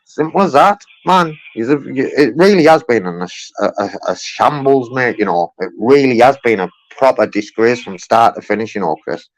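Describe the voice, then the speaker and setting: A man's voice: mid-range voice, expressive, normal speed, few pauses, low-quality recording. A man making a heated phone complaint, insistent and repetitive, filling his talk with "you know what I mean". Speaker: caller.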